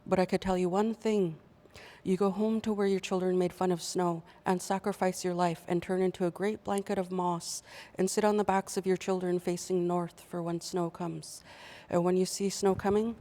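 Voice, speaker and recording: A woman voicing the Creator, a grave male maker spirit, in a slow, even storytelling delivery. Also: lowish voice, close to an everyday voice. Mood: stern. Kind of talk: oral storytelling.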